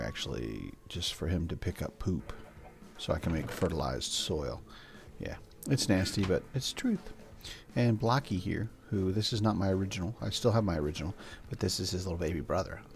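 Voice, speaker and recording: A man's voice: deep voice, vocal fry, a little mellow. An older man hosting a gameplay video, chatting casually in a rambling way. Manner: rambling, chatty, coos at his pets. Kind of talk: casual let's-play commentary. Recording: faint background music.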